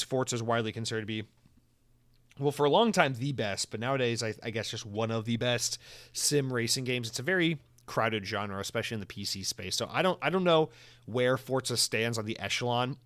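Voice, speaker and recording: A man's voice: medium pitch, normal speed, a bit bright, dry recording. Sarcastic rambling male podcast host. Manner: sarcastic, rambling, self-mocking. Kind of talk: casual solo podcast monologue.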